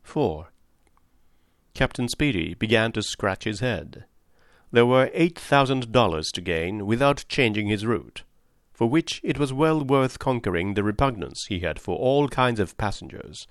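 Reading a classic adventure novel aloud as an audiobook, a mid-range male voice keeps a steady, measured pace through the scripted narration. The studio sound is clean, with no echo.

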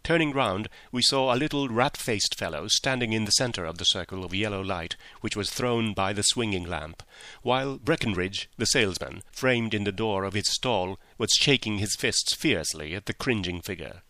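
A man narrating a classic story in measured audiobook style. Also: on the low side, bright, forceful tone, no room sound.

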